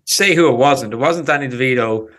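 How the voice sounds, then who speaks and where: A man's voice: mid-range voice, a little fast, a bit bright. A man co-hosting a casual podcast, rambling easily through answers and swearing now and then. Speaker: podcast co-host.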